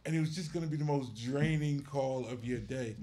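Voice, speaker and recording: A music manager appearing as a podcast guest tells blunt stories with laughs in casual chat. His medium-pitched, dark-toned voice moves fairly quickly.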